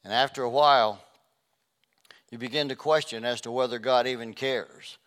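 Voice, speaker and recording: A man's voice: medium pitch, fairly even intonation, moderate pace. Impassioned male preacher. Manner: impassioned preaching, swinging from loud to hushed. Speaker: pastor. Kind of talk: sermon.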